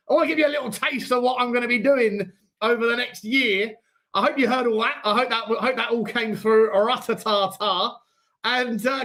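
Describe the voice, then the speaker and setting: A man's voice: very high voice, fairly bright tone. A man with an English accent hosting a casual livestream, playful and rambling, his throat strained and coughing. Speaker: host.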